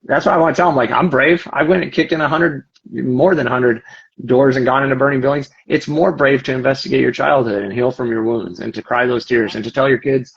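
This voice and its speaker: A man's voice: medium pitch, steady tone, brisk, vocal fry, husky. A man, a firefighter and father, talking earnestly and emotionally in a casual conversation, often restarting his sentences. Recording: muffled lo-fi audio.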